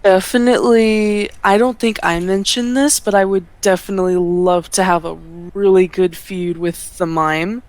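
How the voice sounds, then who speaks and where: A woman wrestler talks through her answers at an ordinary pitch in a casual sit-down interview. She is earnest and measured, and stretches out key words when she wants to make a point. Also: fairly even intonation, a little mellow, no echo.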